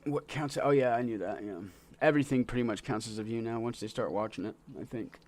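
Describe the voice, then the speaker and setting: A man's voice: medium pitch, quick pace, a little mellow. A man casually reacting to videos on a stream, loose and profane in his commentary.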